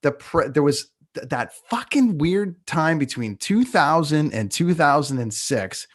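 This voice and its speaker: A man in casual chat, speaking haltingly and restarting his sentences often. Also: on the high side, big pitch swings.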